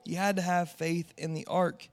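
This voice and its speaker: Guy preaching casually, kinda high voice, lots of "like" and "right?" asides. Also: little pitch movement, normal speed, big-room sound. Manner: casual, conversational preaching with many fillers. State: tearful, sniffling. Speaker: pastor. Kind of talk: sermon.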